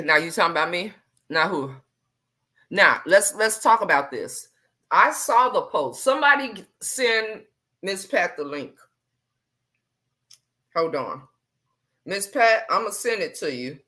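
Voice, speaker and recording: A woman hosting a live stream, talking in a calm, measured way and repeating herself to stress her points. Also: on the low side.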